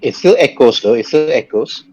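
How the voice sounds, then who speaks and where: A man's voice: mid-range voice, animated, normal speed, mellow, slight background noise. A man running an online tabletop game as game master, narrating loosely with many restarts. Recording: dull lo-fi mic.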